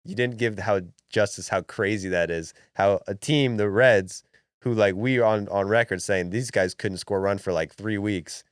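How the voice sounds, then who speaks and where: Brash young man hyping sports, low voice. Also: normal speed, clear, resonant tone, no room sound, studio quality. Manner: brash, swearing, animated hype. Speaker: podcast co-host. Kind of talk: casual sports chat.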